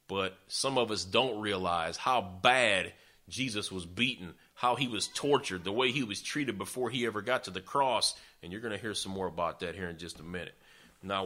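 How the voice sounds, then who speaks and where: A man's voice: on the low side, bright, forceful tone. A man preaching a sermon, retelling scripture in a folksy, conversational way with sarcastic asides. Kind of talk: sermon storytelling.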